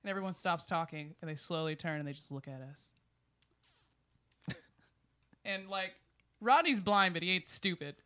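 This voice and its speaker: A woman, telling a road story in casual podcast chat, animated and laughing as she acts out the people in it. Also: lowish voice, moderate pace, pauses often. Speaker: podcast guest, musician.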